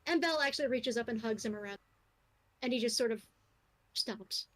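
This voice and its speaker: A woman running a tabletop role-playing game, narrating scenes casually with wry asides. Her voice sits high. She fills gaps with loose fillers. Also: fairly quick, low-quality recording. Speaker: game master.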